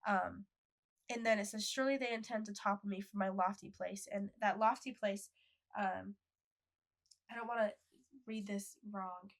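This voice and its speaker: A woman's voice: medium pitch, steady tone, normal speed, pauses often. A young woman co-hosting a casual faith podcast, reading scripture aloud and then explaining it. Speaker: podcast co-host.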